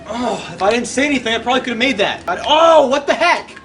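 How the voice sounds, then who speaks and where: A man with a very high, sharp and bright voice talks through his own gameplay. He is excitable, yelping and shouting at every slip and near miss. A faint hiss of noise sits under his voice. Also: quick pace, hardly any pauses. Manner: excitable, yelps and shouts at failures. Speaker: gamer. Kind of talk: gameplay commentary.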